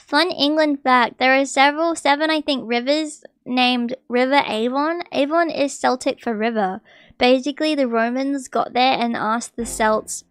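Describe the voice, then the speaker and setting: A woman streamer reading an article aloud, breaking off to chat and react with loud, excitable outbursts. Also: high-pitched, unhurried, soft background music. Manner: excitable, bursts into loud apologies and exclamations.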